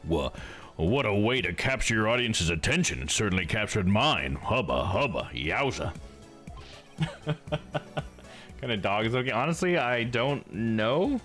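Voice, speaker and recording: A man streaming a game live in a laid-back, easy way. His voice sits low but swings lively up and down as he chats, laughs and talks to his dog. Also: normal speed, soft background music. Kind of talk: live game playthrough with read-aloud dialogue.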